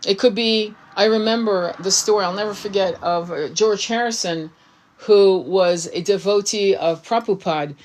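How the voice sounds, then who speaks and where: A woman giving a tarot reading, talking straight to the viewer in a blunt, casual way and swearing freely. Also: mid-range voice. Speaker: tarot reader.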